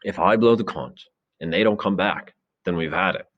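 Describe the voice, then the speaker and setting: A man's voice: low voice, moderate pace, highs cut off. A man reading aloud, voicing an earnest, troubled boy who was chosen chief. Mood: uneasy.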